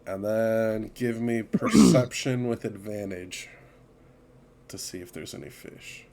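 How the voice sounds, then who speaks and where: A man narrating a tabletop game as game master, in a relaxed manner. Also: on the low side, vocal fry, crowd noise. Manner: relaxed, slow narration with laughs.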